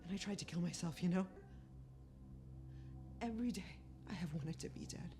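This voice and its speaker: An actress playing a despairing, desperate middle-aged wife, pleading and raw. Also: female voice, on the low side, normal speed, warm tone, lightly acted.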